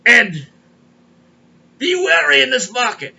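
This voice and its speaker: A man's voice: very high-pitched, sing-song, slow, vocal fry, bright, forceful tone, lo-fi sound. A man hosting a comedic crypto show, rambling and kvetching as he tells stories. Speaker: podcast host. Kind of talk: comedic crypto market monologue.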